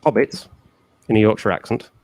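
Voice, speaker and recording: A man's voice: on the low side, a little fast, darkish tone, no room sound. A man in casual chat, playful and jokey.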